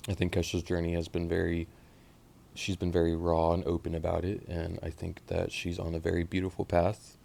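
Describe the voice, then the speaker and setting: A very low, gravelly male voice with lots of fry talks through a new album track by track. He is from Oklahoma, swears freely, and jumps between quiet mumbling asides and sudden loud excited outbursts. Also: fairly quick. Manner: animated, profane, swings from mumbling to loud outbursts. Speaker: music reaction host. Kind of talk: casual album reaction.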